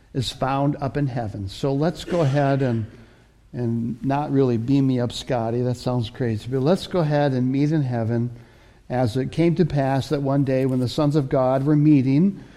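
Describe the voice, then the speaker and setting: A man's voice: on the high side, warm tone. A man preaching a sermon, teaching through scripture in a conversational way and often correcting himself mid-sentence. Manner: conversational Bible teaching with frequent self-corrections.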